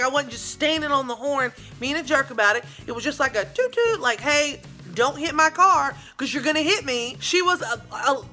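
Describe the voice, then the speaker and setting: A young woman telling a dramatic story in a casual vlog, with lively asides to her viewers. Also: high-pitched. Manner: animated, dramatic retelling with asides. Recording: faint background music.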